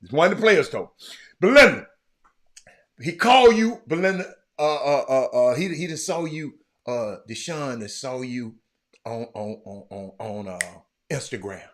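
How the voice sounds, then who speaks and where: Animated man teasing his viewers. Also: medium pitch, measured pace. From Texas. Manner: animated, teasing viewers by name, often shouting. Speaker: livestream host talking sports. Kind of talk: casual live stream chat with viewers.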